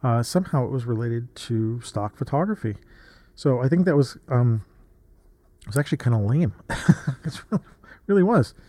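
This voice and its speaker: A man's voice: mid-range voice, lively intonation, normal speed, warm tone, dry recording. A man in his fifties, a photographer, talking casually and reflectively, rambling with frequent restarts and asides as he reads from an old journal. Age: 50s.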